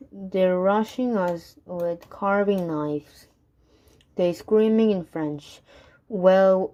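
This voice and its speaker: Slow-reading woman storyteller. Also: lowish voice, darkish tone, muffled recording. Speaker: reader. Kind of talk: reading a rhyming story aloud.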